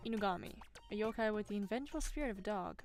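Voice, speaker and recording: A woman streamer and voice actor reading a visual novel aloud, with casual, deadpan asides between the lines. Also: mid-range voice, fast talker. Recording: game music behind.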